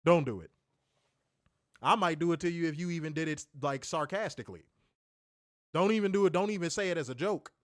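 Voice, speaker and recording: A man co-hosting a casual wrestling chat, joking, slangy and animated. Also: fairly high pitch, brisk, pauses often, no echo, clean studio sound. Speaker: podcast co-host.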